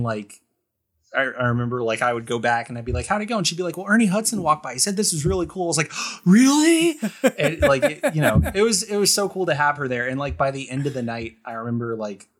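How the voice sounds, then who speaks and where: A man's voice: medium pitch, a bit bright. A man talking as a guest on a podcast in a loose, rambling way, full of fillers and restarts. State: choked up. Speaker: guest artist. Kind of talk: casual podcast chat.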